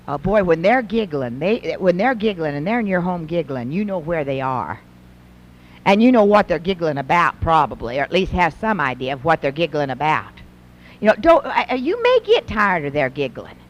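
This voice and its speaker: A woman's voice: sits low, moderate pace. A middle-aged woman giving a folksy, conversational talk to an audience of women, acting out little scenes between mothers and daughters. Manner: animated, folksy, acts out mothers and daughters in quotes. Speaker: speaker at a Christian women's event.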